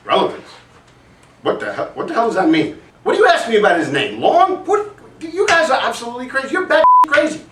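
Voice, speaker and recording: Man playing a vain swearing football receiver, lively swings in pitch, a bit high, echoey room, distant mic. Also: quick pace, slight background noise, full character voice. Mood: ranting. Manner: defensive, rambling, swears. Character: brash vain male football receiver, touchy. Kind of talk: amateur spoof acting.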